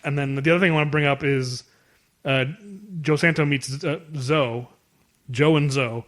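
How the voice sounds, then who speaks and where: A man co-hosting a podcast, casually talking through a movie and acting out lines with big jumps in his voice. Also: moderate pace. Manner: animated, acts out quotes with jumps in pitch. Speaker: podcast co-host. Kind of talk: casual film discussion.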